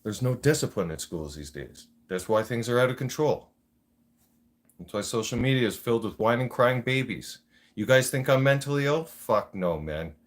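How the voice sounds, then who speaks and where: A Canadian man hosts a livestream and rants bluntly, swearing a lot in this casual, profane tirade. His voice is medium-pitched, with lively intonation and normal speed.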